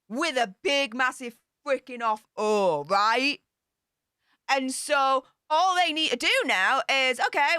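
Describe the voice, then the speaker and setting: A British woman giving scornful live-stream commentary in an excitable voice that swings between shrieks and mutters. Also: on the high side, smooth, dry recording, studio quality. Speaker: royal news commentator.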